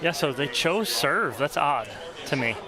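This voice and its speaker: A man giving live sports commentary at an outdoor venue, chatty with quick excited reactions to the play. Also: a little high. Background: crowd.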